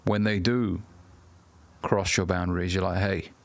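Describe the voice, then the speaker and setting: A man's voice: deep voice, fairly even intonation, a little slow, vocal fry. A man in his thirties giving blunt, profane self-improvement advice straight to the camera as a coach. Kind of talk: direct-to-camera advice talk.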